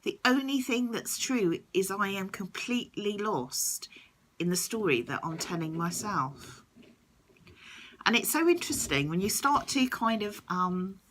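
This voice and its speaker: A woman's voice: medium pitch, big pitch swings, unhurried, a bit bright, slight background noise. A woman vlogger talking reflectively to camera in a thoughtful, explanatory way.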